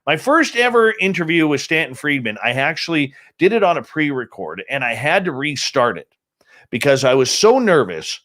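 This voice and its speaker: A man's voice: a little high, very animated, moderate pace, fairly bright tone. A man hosting a radio show, casually reading news items aloud with small slips and self-corrections.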